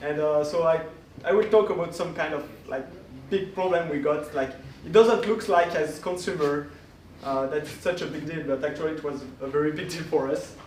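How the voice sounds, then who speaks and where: A man giving a conference talk, halting with many restarts and fillers as he explains his project. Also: a little high, a little mellow, a little hiss or hum. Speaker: conference speaker. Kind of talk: conference presentation. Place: conference room. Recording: echoey room, voice from far off.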